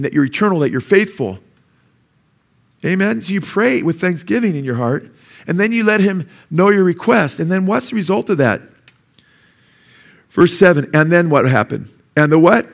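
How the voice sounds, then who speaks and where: A man's voice: fairly high pitch, creaky. Man preaching, calling out "Amen?". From United States. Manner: asks the congregation "Amen?" often, acts out voices of doubters. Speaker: pastor. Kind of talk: sermon.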